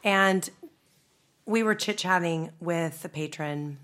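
A woman cycling instructor, under the weather with a stuffed-up, husky voice, chatting casually as a podcast guest. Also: on the low side, slow, a bit bright.

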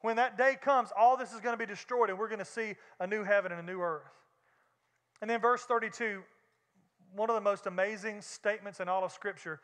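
A preacher delivers an emphatic, conversational sermon in a very high, bright voice. Long reverb from the large sanctuary trails his words. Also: a little fast. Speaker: pastor.

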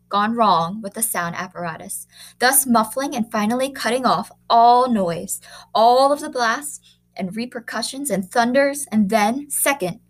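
A woman reading a short story aloud in a measured, expressive way. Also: on the high side, low-quality recording. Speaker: narrator.

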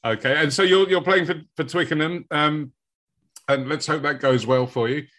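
A man hosting an interview, asking relaxed, friendly questions. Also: on the high side, normal speed. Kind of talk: casual interview.

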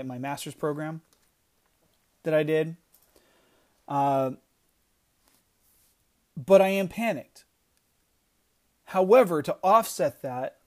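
Middle-aged guy preaching earnestly, kinda high voice, keeps restarting lines. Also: a little mellow. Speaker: podcast devotional speaker. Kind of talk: devotional sermon talk.

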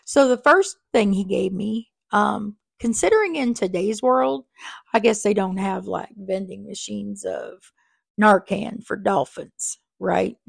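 Speaking a little slowly, this podcast host has a medium-pitched, creaky voice with a breathy edge. She rambles casually into a small microphone in a cramped office, full of fillers and side remarks. The audio is clean and studio quality, with no echo.

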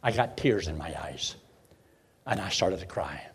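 A man, a preacher telling his conversion story in a folksy way, swinging from loud bursts to hushed lows. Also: animated, measured pace, husky. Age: 70s. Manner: folksy storytelling with sudden emotional swells and hushed drops. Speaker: preacher giving his testimony. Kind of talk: sermon testimony.

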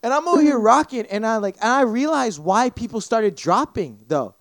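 With a very high-pitched voice at a normal speed, a young podcast guest casually tells a drawn-out story full of constant profanity, animatedly voicing what others said along the way. The sound is studio quality with no echo.

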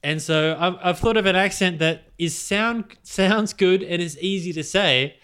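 A man's voice: sits high, fairly bright tone, clear, resonant tone. An Australian man co-hosting a podcast, chatting casually with restarts and chuckles. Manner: halting, restarts, chuckles often. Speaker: podcast co-host. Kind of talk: casual chat.

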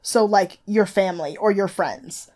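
Young woman co-host, loose and animated, laughs easily, conversational recap talk. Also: unhurried. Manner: animated, laughs often, jumps to high squeals when mimicking. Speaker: podcast co-host. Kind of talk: casual chat.

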